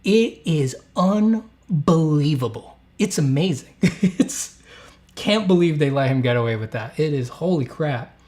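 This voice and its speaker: A man's voice: on the high side, expressive, unhurried, darkish tone. A man hosting a casual art chat, rambling, with many fillers and restarts. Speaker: artist and channel host.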